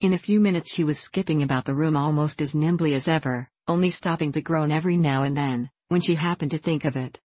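Low-voiced woman narrating a storybook. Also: fast, few pauses, darkish tone, no room sound.

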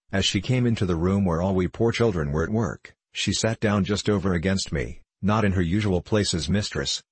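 A man reading an old novel aloud as an audiobook narrator, in measured, even storytelling. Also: low-pitched, husky, dry recording. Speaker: audiobook reader.

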